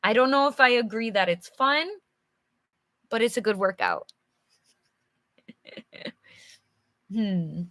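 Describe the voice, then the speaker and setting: A woman's voice: on the high side, lively intonation, slow, pauses often, fairly bright tone, no room sound, clean studio sound. A young woman teaching English, reading a storybook aloud and chatting with viewers, laughing often. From English-speaking country. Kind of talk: live English reading lesson with chat.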